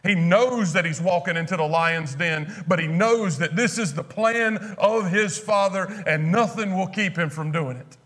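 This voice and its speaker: A man with a high voice preaches a sermon. He talks in a conversational way and acts out the words of figures from scripture as he goes. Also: normal speed, few pauses, a bit bright.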